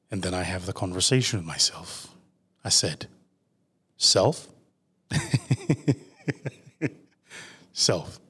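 Husky-voiced man telling a story, native isiZulu speaker. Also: lowish voice. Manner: vivid, self-mocking, acts out his inner voice. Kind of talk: storytelling monologue.

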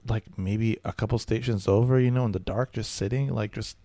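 A man's voice: lowish voice, steady tone, a little fast, warm tone, no echo, clean studio sound. A man telling a comedic story in casual chat, rambling and hesitant, with stammering restarts. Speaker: storyteller guest.

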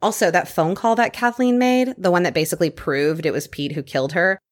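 A woman co-hosting a true crime podcast, telling the case in a lively, storytelling way and reading details aloud. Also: fairly low pitch, a little fast. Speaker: podcast co-host.

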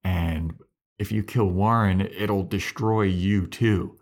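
A man's voice: low voice, fairly even intonation, slow pace, darkish tone. A man voicing a young female hero, pleading in a mock-reasonable way. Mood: firm.

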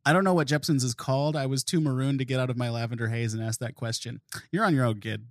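A man's voice: mid-range voice, steady tone, quick pace, no echo, clean studio sound. A man co-hosting a comedy podcast, teasing the others and laughing a lot. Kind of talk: casual comedy banter, reading jokes.

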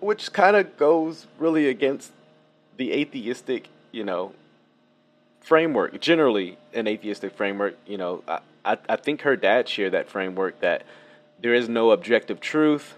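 A man hosting a casual reaction commentary, animated and laughing, with many fillers and restarts, a lawn mower buzzing behind him. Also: medium pitch. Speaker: video commentator. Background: lawn mower buzz.

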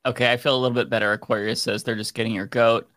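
A man's voice: mid-range voice, little pitch movement, racing, a bit bright, no echo, studio quality. A man co-hosting a casual panel chat, reading viewer messages and joking in mock offense. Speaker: podcast co-host reading super chats.

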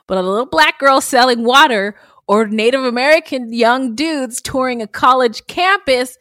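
A woman co-hosting a podcast in casual chat, blunt and animated, who swears freely. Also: sits high, normal speed, no room sound, studio quality. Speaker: podcast co-host.

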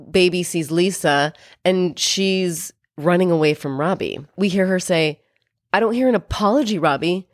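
A woman with a fairly low voice talks through a film recap in a loose, animated way, slipping into quoted lines and the odd swear word. Her voice is close and dry, with no room sound around it. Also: no room sound. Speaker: podcast co-host. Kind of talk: casual movie recap chat.

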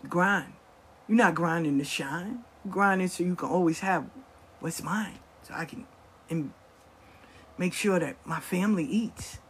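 A woman's voice: lowish voice, a little slow, slight background noise. A middle-aged woman telling stories from her life in blunt, profane casual talk, acting out the voices of the people she quotes. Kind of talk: casual storytelling.

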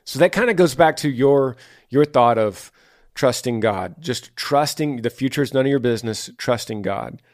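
A man's voice: mid-range voice, lively intonation, moderate pace, a little mellow, no echo, clean studio sound. A man hosting a faith-based podcast, talking earnestly and telling stories to a listener. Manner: earnest, storytelling, reads listener messages aloud. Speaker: podcast host.

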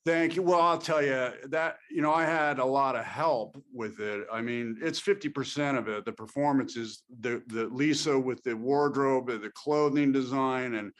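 A male actor giving thoughtful interview answers, pausing and restarting often as he works out his thoughts. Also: medium pitch. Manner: thoughtful, halting, with many restarts.

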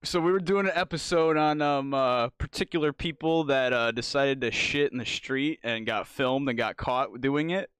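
Male podcast host, relaxed chatty, smooth clear voice, dry close sound. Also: medium pitch, normal speed, few pauses, dry recording. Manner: laid-back, laughs often. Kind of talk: casual podcast chat.

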